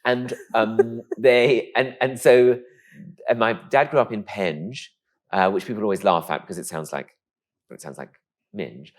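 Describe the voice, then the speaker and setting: A man from England with a posh-sounding voice, telling stories in a camp, animated way as a guest in an interview. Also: fairly low pitch, a little slow. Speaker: comedian guest. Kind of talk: casual interview chat.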